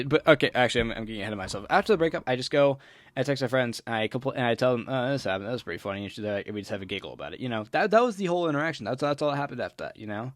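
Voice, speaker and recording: A man's voice: mid-range voice, no echo. Rambling young man, dry close sound. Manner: rambling, full of restarts, mimics others in quotes. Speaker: storyteller vlogger. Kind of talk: casual storytelling while gaming.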